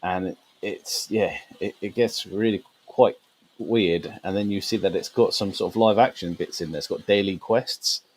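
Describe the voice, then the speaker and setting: A man's voice: low voice, normal speed, darkish tone, breathy edge, low-quality recording. A man co-hosting a gaming podcast, explaining at length with fillers and frequent laughs. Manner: laughs often, meandering explanations with many fillers. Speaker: podcast co-host. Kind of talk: casual podcast chat.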